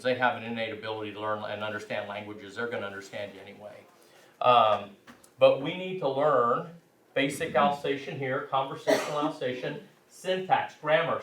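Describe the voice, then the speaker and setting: A man delivers a language class lecture in a rambling, self-deprecating way, restarting often. His voice is mid-range and a bit bright, recorded in an echoey room with the mic far away.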